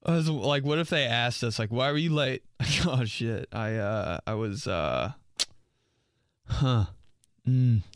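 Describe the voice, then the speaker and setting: A man in his twenties talks through comic stories in a loose, rambling monologue, stuffed with fillers. His pitch sits mid-range for a man. The sound is dry and close, with no room around it. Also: lively intonation, takes it slowly, long pauses, no echo. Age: 20s. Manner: rambling, filler-heavy with frequent "like". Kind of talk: casual comedic monologue.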